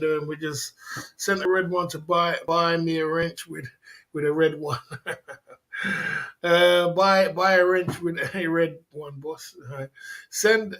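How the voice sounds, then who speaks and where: A man's voice: on the high side, a bit bright, poor audio. A man hosting a casual livestream chat, bantering in slang, laughing often and repeating his catchphrases. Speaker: livestream host.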